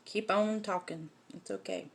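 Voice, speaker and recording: A woman's voice: medium pitch, fairly even intonation, moderate pace, vocal fry. A woman hosting a casual livestream lesson on folk magic, talking in a chatty way with many "um" fillers. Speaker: host teaching folk magic.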